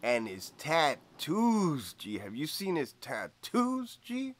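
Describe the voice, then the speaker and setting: A man's voice: a little high, wildly swooping pitch, pitched above the performer's own voice, full character voice. A man voicing his male prison partner as gushing and flirty, drawing out each word. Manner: drawn-out, swooning, lingering on each word.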